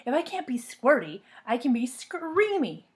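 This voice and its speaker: A woman voicing an excitable, mischievous little girl playing a clown, shrieking and squealing. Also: high voice, moderate pace, pitched above the performer's own voice. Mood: excited.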